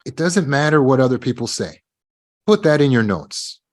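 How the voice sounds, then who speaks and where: A man at an ordinary pitch gives an emphatic self-help lesson to his students. He talks straight to them and acts out what the people in his examples say, then drops back into his plain teaching voice. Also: expressive, normal speed. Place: live online meeting.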